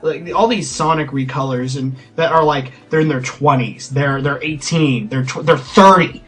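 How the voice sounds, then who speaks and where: A man's voice: on the high side, normal speed, fairly bright tone. A young man giving mocking, incredulous commentary, stammering and restarting his sentences. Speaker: co-host of a ranting video.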